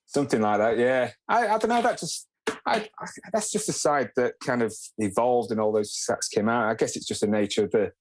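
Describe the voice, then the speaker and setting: A man's voice: medium pitch, animated, a little fast, no room sound, poor audio. A man, a podcast guest talking easily and reflectively in short plain sentences. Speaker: guest, former footballer. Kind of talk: casual podcast chat.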